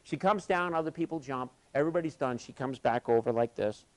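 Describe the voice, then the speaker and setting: A man leading a live workshop session, telling stories with lively energy and acting out both sides of conversations. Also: on the high side, fast. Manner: animated, acts out both sides of dialogues. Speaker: workshop facilitator.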